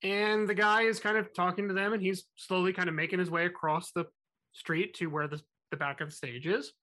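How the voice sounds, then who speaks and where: A man co-hosting a podcast, telling a story in a lively, self-mocking way. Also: sits high, fairly quick. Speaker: podcast co-host. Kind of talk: casual storytelling chat.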